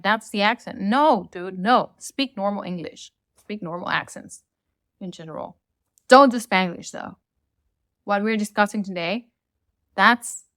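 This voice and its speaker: A Latin American woman hosts a solo rant podcast, bluntly airing her opinions and swearing casually as she goes. Her voice is medium-pitched and a touch bright, recorded dry with no echo.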